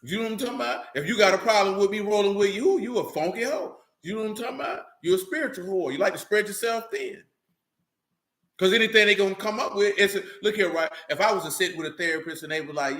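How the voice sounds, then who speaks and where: A man whose voice sits high, with lively intonation, a quick pace, and a fairly bright tone, speaks for a religious group. His unscripted talk is casual, blunt, and full of profanity, punctuated by repeated "you know what I'm saying." It's recorded in a roomy, echoing space.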